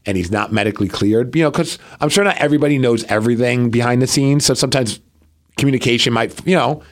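A man's voice: mid-range voice, quick pace. A man co-hosting a podcast, animatedly telling a story in casual chat and acting out the people in it. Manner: animated storytelling with quoted dialogue. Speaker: podcast co-host and local wrestler.

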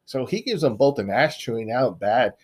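A man's voice: mid-range voice, lively intonation, moderate pace, a little mellow, slightly rough. A man co-hosting a casual podcast chat, laid-back and profane, often agreeing and retelling a story. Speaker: podcast co-host.

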